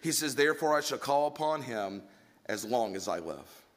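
A man's voice: mid-range voice, expressive, normal speed. A man preaching a sermon, earnest and emphatic, telling stories and asking the congregation rhetorical questions.

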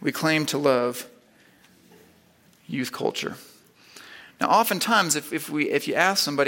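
A man preaching a sermon, emphatic, building to loud repeated stresses and then dropping low and quiet. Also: fast talker, creaky.

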